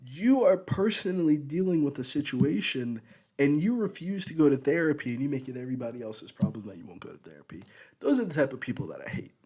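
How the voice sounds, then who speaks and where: Husky, blunt, profane young man. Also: a little high, a little mellow. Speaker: vlogger. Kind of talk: casual opinion monologue.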